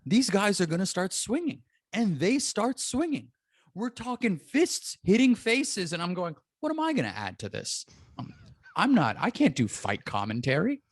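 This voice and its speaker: A man's voice: high voice, sing-song, moderate pace, no echo, studio quality. A man telling a story in a casual podcast chat, acting out the people he quotes. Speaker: comedian guest.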